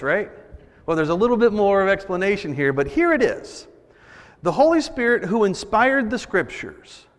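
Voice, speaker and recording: A man delivering a sermon as pastor, reading scripture and preaching in an earnest, emphatic way with repeated phrases. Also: high-pitched. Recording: long hall reverb.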